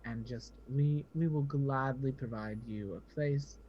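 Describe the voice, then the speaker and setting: A player in a tabletop game speaking in character in a genial, measured way. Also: medium pitch. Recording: dull lo-fi audio, faint hiss.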